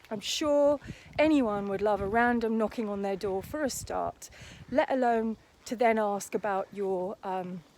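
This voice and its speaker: A woman's voice: on the high side, a little mellow. A woman vlogging outdoors as she walks, ranting in a sarcastic, scornful tone. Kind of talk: casual to-camera rant. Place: outdoors, walking.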